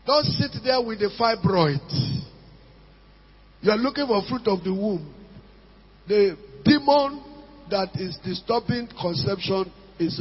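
A high-voiced, husky man preaches in a church hall, driving each point home by repeating it. His voice rings with long reverb, and the recording sounds muffled and lo-fi. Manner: emphatic, repeats phrases, pidgin asides. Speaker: pastor. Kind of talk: sermon.

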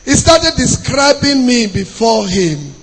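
High-voiced Nigerian preacher with a husky tone. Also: male voice, big pitch swings, takes it slowly. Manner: storytelling preacher, rising to shouts. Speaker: pastor. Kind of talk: sermon. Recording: long hall reverb.

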